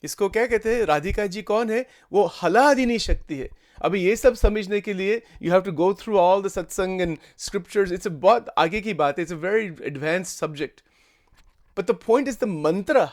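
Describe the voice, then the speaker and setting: A man leads a satsang, his voice sitting high for a man. He explains patiently, repeats key words and often restarts his sentences, mixing English with Hindi phrases. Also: fast. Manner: frequent restarts and stammers. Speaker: spiritual teacher. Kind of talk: daily satsang discourse.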